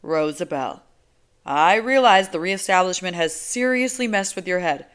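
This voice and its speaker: A woman's voice: on the low side, normal speed, smooth, lightly acted. A woman reading a teasing, laid-back young man. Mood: amused, teasing. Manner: relaxed, teasing, emphatic. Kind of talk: audiobook character voice.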